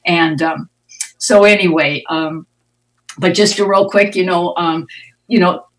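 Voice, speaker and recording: A woman's voice: fairly low pitch, fairly even intonation, unhurried. A middle-aged woman from the United States sharing her story at an Al-Anon meeting, frank and wry, with a storyteller's timing. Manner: frank, wry storyteller who acts out quoted voices. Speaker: Al-Anon speaker. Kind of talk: recovery meeting share, storytelling. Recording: distant mic, online conference audio.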